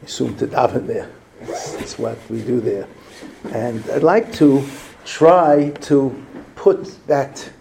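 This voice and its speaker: Gravelly, mellow man telling stories. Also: medium pitch, slight background noise. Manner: folksy storytelling with Yiddish and Hebrew words. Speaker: rabbi speaking to a visiting group. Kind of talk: storytelling talk to a group.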